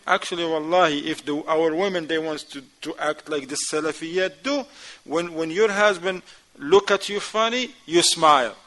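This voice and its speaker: Animated man teaching a mosque class. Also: a little high, moderate pace, low-quality recording. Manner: animated, acts out dialogue, non-standard grammar. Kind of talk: lecture class.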